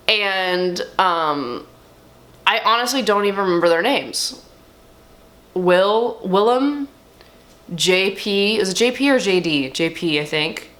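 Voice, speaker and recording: A young woman talking casually and candidly as a book vlogger, swearing freely and swinging her pitch up and down. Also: lively intonation, slow pace, fairly bright tone. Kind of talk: casual chat.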